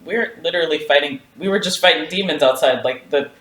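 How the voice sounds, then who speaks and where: A man co-hosting a podcast, casually retelling a story with quick quoted asides and laughter. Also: on the high side, bright, forceful tone. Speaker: podcast co-host. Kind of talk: casual book discussion. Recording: roomy echo.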